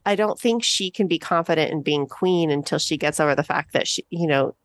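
A woman's voice: low-pitched, brisk, no echo. A woman co-hosting a podcast, chatting in a thoughtful, easygoing way. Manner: chatty, thoughtful, with light laughs. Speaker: podcast co-host. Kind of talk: casual chat.

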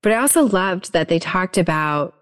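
A woman's voice: lowish voice, lively intonation, moderate pace, smooth. A woman chatting casually, enthusiastic and agreeable, laughing easily. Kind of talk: casual chat.

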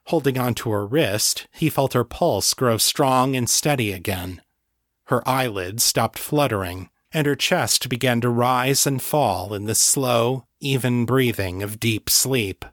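A man reading a story aloud in a steady, measured scripted narration. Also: medium pitch, no echo, studio quality. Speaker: audiobook narrator.

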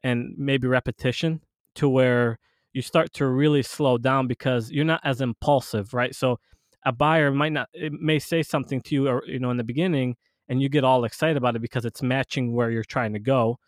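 A man's voice: mid-range voice, steady tone, moderate pace, no echo, studio quality. A man hosting a podcast in casual chat, rambling with many restarts and fillers. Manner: rambling, full of restarts and "you know". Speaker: podcast host.

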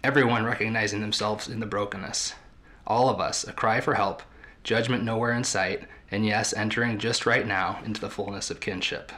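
A podcast host reading a story aloud from a book in a measured, storytelling way. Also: male voice, lowish voice, fairly even intonation, a bit bright.

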